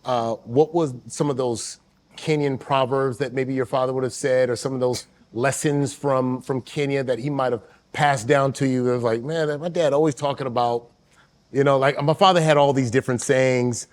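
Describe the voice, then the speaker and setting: A man hosting a podcast, asking long, measured questions that wander before landing. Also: medium pitch, steady tone. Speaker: podcast host. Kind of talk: interview questions.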